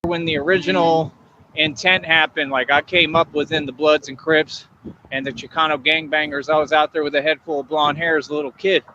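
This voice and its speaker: A man's voice: on the high side, little pitch movement, a little fast, sharp tone. A man livestreaming outdoors, talking in a boastful, rambling way to his chat. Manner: swaggering, rambling. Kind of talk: boastful live-stream chat. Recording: lo-fi stream audio with street noise.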